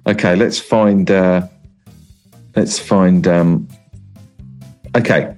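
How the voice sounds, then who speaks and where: A man's voice: deep voice, fairly even intonation, drawn-out words, a little mellow, faint music behind. A man hosting a podcast in casual chat, running it in a playful, game-show-like way. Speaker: podcast host.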